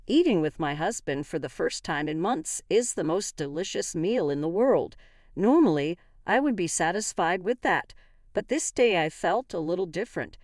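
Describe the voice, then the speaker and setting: A woman narrating a first-person story in a steady, even reading voice. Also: fairly low pitch, normal speed, no echo, clean studio sound.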